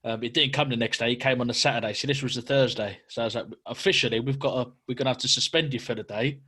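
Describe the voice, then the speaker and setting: A man's voice: mid-range voice, fairly even intonation, fast, pushed and bright, breathy edge. A man hosting a casual podcast chat. He talks in a slangy, bantering way and laughs often. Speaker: podcast host.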